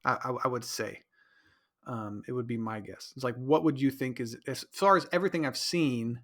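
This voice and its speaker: Bright-voiced man rambling on a podcast. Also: medium pitch, moderate pace. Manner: rambling, self-interrupting, mimics others in raised voice. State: stuffy nose. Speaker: podcast host. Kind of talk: casual solo podcast monologue.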